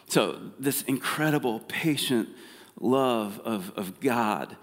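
A man's voice: mid-range voice, slow pace. Casual-spoken male pastor in a reverberant hall. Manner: conversational, frequent fillers and restarts. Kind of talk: casual sermon.

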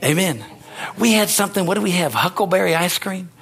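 A man's voice: high-pitched, animated, a little fast, vocal fry, a bit bright, husky. A man preaching a sermon, exhorting his listeners with rising energy, rambling at times with restarts.

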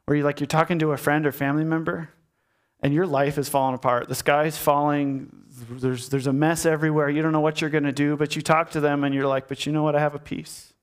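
Male pastor with a somewhat high voice, preaching earnestly and repeating phrases, sometimes going soft and low. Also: flat delivery, a little fast, clean tone. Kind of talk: sermon.

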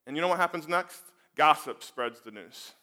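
Bright-voiced man preaching a sermon. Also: a little high, animated, normal speed. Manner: emphatic, rhetorical questions, drops to a hush then rises.

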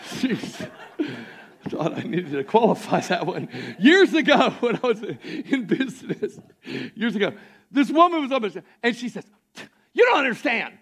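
A man preaching a church sermon, swinging between fervent shouting and sudden near-quiet asides, with a Southern American accent. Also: high-pitched, very animated, a little slow, slightly rough. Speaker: pastor. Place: church sanctuary.

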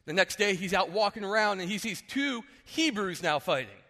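Bright-voiced pastor preaching in a reverberant hall. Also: male voice, sits high, normal speed. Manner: animated, acts out characters, asks "right?". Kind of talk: sermon storytelling. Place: church sanctuary.

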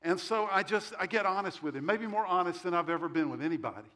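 A middle-aged man preaching in a storytelling way. His voice sits a little higher than most men's, and he slips into quick quoted dialogue and wry jokes about himself. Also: pushed and bright. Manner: storytelling with self-deprecating humor and quoted dialogue. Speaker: pastor. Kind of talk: sermon.

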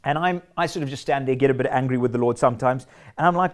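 A man's voice: mid-range voice, fast talker. Earnest male preacher. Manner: earnest, emphatic, with repeated short declarations. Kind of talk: sermon.

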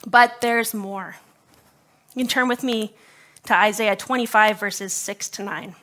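Bright-voiced woman preaching a sermon. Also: medium pitch, steady tone, unhurried. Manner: conversational, joking asides to the congregation. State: slightly scratchy throat. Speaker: pastor. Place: church service before a congregation.

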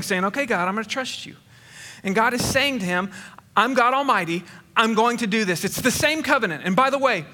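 A man preaching a sermon in a church, animated, acting out voices in his stories and often restarting his sentences. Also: high-pitched, long reverb tail. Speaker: pastor. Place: church auditorium.

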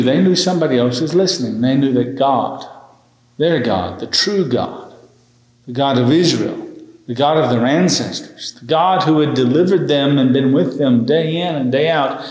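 A man preaching a sermon as minister, retelling a scripture story with animated emphasis. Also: medium pitch, roomy sound, poor audio. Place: church sanctuary.

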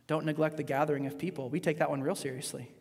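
A male pastor preaching a sermon in a church, emphatic, swinging between loud rising points and quiet asides. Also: fairly high pitch, fairly even intonation, quick pace, gravelly, long reverb tail.

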